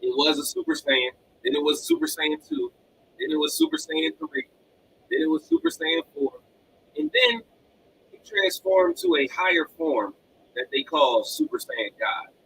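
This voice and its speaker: A very high, gravelly male voice at a moderate pace leads an energetic, animated motivational live stream, the podcast host repeating himself to drive points home. He's a father, seated in a home room with collectibles behind him, on poor audio with a little hiss or hum.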